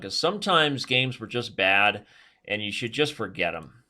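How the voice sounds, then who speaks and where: A man commentating his own online chess games while playing, animated and self-mocking, giving advice. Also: on the low side, moderate pace. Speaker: chess master streamer.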